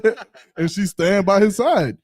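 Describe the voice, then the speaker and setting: A man's voice: high-pitched, unhurried, darkish tone, no room sound. A man co-hosting a casual podcast, joking around and arguing in slang. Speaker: podcast co-host.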